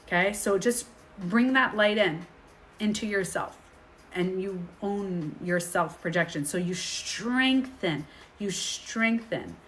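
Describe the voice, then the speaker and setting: A woman speaking as a healing coach in a casual coaching talk to viewers, animated and acting out inner voices, reading and answering viewer questions. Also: medium pitch, slow pace, slight background noise.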